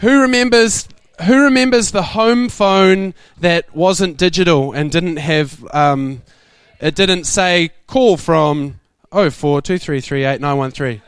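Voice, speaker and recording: A young man preaching a sermon, telling stories in a lively way and laughing often. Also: on the high side, slow, hardly any pauses, smooth, no echo. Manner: animated, laughing storyteller. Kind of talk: sermon storytelling.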